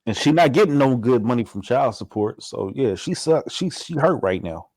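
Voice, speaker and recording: A man's voice: mid-range voice, animated, normal speed, a little mellow, no room sound, rough recording. A playful man joins a casual chat, teasing and laughing as his voice rises and falls widely. He is recorded dry and close.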